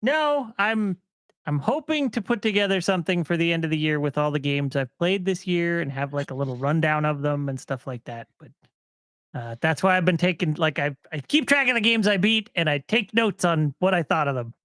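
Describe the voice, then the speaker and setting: A man's voice: fairly high pitch, animated, fairly quick, a bit bright, clean tone, dry recording, studio quality. A man co-hosting a casual gaming podcast, easygoing and laughing a lot.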